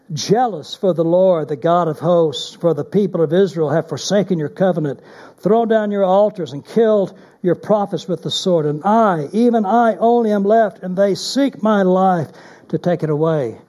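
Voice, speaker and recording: A pastor preaching a sermon, moving between loud emphatic stretches and hushed, near-whispered passages. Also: male voice, sits high.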